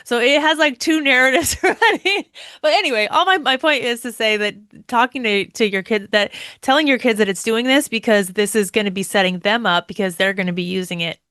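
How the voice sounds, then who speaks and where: Chatty high-voiced woman co-host. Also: a little fast, a bit bright, clean tone, dry recording, studio quality. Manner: chatty, many fillers and restarts, laughs often. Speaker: podcast co-host. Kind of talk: casual podcast chat.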